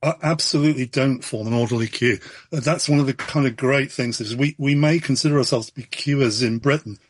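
A man appearing as an academic guest in a radio interview, measured and opinionated. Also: medium pitch, slightly rough, no room sound.

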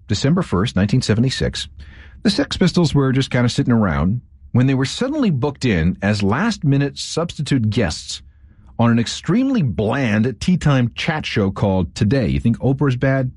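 Guy narrating radio rock history, bouncy pitch, dry close sound. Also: slightly rough, no echo. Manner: lively, wry storytelling. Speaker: radio host. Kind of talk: scripted storytelling narration.

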